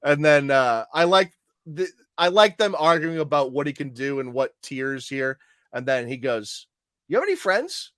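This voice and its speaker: A man co-hosting a casual podcast chat, laughing often and quoting lines in animated bursts. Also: mid-range voice, unhurried, clean tone, no room sound, clean studio sound. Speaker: podcast co-host.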